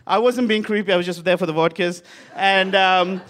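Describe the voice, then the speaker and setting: A man's voice: sits high, fairly even intonation, moderate pace, fairly bright tone, slight background noise. A man from Sri Lanka telling a rambling, self-mocking story to a laughing live crowd in a bar. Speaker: comedian.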